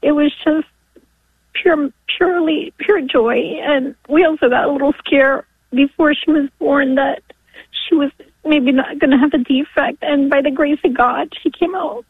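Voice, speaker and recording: A woman in her forties from Long Island, New York, calling in to a radio show and getting emotional, halting and tearful. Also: sits high, dry recording. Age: 40s. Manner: emotional, halting, breaks into laughter and tears. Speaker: caller. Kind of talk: call-in radio phone call. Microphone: telephone. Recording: tinny dry phone line.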